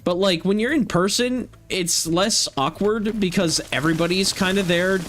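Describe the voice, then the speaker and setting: A man's voice: high-pitched, normal speed, fairly bright tone, a little hiss or hum. A young man who streams games, chatting casually and rambling with lots of filler words. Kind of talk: casual chat while streaming a game.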